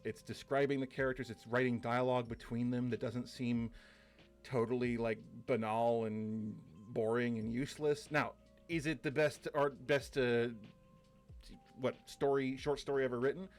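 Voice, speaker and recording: A man teaching a short course, talking loosely through slides with many fillers and quick asides. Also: medium pitch, flat delivery, soft background music. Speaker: course instructor. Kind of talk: casual lecture over slides.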